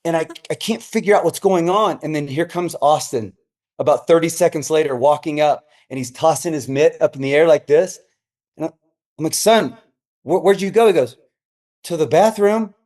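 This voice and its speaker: A middle-aged man, a senior pastor, spins stories as a podcast guest. He talks casually and acts out each person he quotes, jumping up for his son and dropping low for himself. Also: a little fast. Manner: animated, acts out quoted voices. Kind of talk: storytelling in casual podcast chat.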